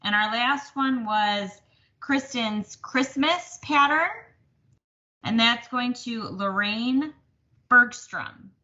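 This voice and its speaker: On the high side and taken slowly, this woman's voice sounds pushed and bright. She co-hosts a casual stitching chat, chatty and self-deprecating with plenty of laughter, and the recording is slightly dull lo-fi.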